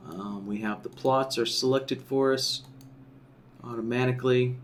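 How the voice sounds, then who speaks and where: A man teaching a software tool in a screen-share tutorial, explaining step by step and often checking in with "right?" while he thinks aloud. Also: medium pitch, steady tone, unhurried, slight background noise. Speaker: software trainer.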